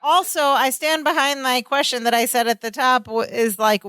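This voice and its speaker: A woman co-hosting a podcast, recapping a sitcom episode in casual chat with quick laughs. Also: sits high, fairly even intonation, sharp tone, clean tone, no echo. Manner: chatty, recounts scenes with quick laughs. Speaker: podcast co-host.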